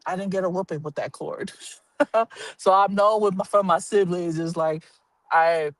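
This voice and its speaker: A man telling a personal story to a live audience, animated and blunt, swearing casually and acting out the voices of the people in it. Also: sits high, normal speed, no echo. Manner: animated, acts out quoted voices, laughs while telling.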